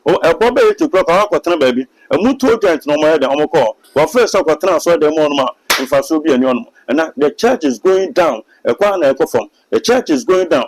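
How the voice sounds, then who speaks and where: A man's voice: on the high side, animated, a little fast, hardly any pauses, slight background noise, rough recording. A Ghanaian man, a pastor and prophet, speaks emphatically in a sermon-like way during an interview, with a Ghanaian accent. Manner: emphatic, sermon-like, mixing in English phrases. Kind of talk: preaching in an interview.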